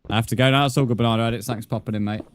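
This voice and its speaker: A man's voice: medium pitch, fairly even intonation, racing, slight background noise. A man livestreaming a game, chatting casually with viewers, bantering and swearing at the chat in mock threats.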